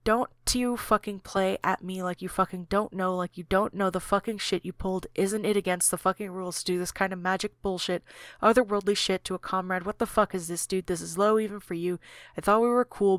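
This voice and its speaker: A woman's voice: medium pitch, steady tone, brisk, dry recording, clean studio sound, lightly acted. A woman voicing a foul-mouthed young chat user who rants heatedly in a chat log reading. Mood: angry. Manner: swearing, heated ranting.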